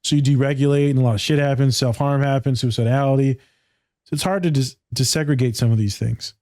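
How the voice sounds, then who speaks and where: A man co-hosting a casual podcast, telling animated stories and swearing freely. His voice is dark and mellow, recorded close and dry with no room sound. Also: mid-range voice, fast, dry recording. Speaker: podcast co-host, therapist. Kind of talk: casual chat.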